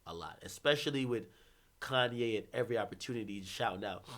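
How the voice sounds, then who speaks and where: A man hosting a livestream, ranting about hip-hop in a casual, profane, animated way with bursts of laughter. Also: on the low side, fairly quick.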